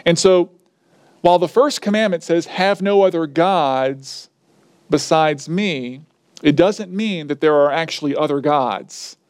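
A man's voice: a little high, darkish tone, no echo, studio quality. A man preaching a sermon, stressing key points and repeating his lines for emphasis.

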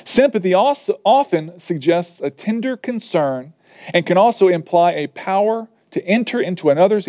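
A man with a high-pitched, slightly mellow voice preaches a sermon earnestly and emphatically. His emphasis varies, and at times he acts out the people he quotes.

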